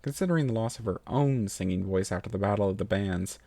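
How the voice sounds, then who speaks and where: A man reading a fan fiction story aloud as narrator, with lively storytelling. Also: on the low side, fast, gravelly, no room sound.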